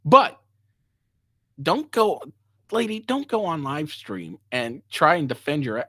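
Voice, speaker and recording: A man's voice: fairly high pitch, huge pitch swings, a little slow, bright, forceful tone, breathy edge, dry recording, clean studio sound. Angry, profane man ranting. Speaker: commentary host. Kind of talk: reaction commentary.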